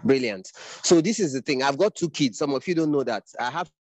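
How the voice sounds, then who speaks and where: A man's voice: fairly high pitch, brisk, darkish tone, no room sound. Earnest fatherly instructor. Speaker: training instructor. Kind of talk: online class talk. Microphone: video call.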